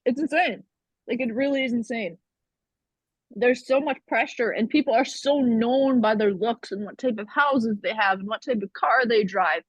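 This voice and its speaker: A woman's voice: a little high, breathy edge, no room sound. A woman in her twenties from Canada, a guest talking frankly and at length in an interview, swearing freely. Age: 20s. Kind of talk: candid conversational interview. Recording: slightly muffled lo-fi sound.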